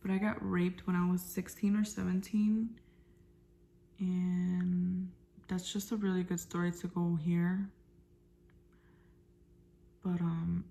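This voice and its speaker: Young woman vlogger, low gravelly voice, halting storytime chat with soft whispered bits. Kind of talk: casual storytime monologue.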